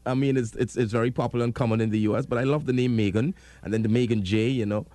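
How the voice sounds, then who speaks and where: A man's voice: mid-range voice, fairly even intonation, quick pace, warm tone, dry recording. Earnest Trinidadian male host, dry sound. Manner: hesitant, many restarts, earnest. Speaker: interview host. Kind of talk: casual interview.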